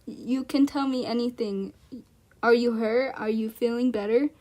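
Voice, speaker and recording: A woman reading as a gentle, protective young woman. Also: fairly high pitch, steady tone, unhurried, natural voice. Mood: caring. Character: kind, protective young woman reassuring a friend.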